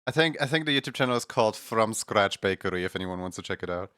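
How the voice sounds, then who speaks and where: A man's voice: fairly low pitch, animated, fast, fairly bright tone, clear, resonant tone, no room sound, clean studio sound. A man streaming live, casually retelling funny skits with lots of fillers and chuckles. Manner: rambling, chuckling storyteller with many fillers.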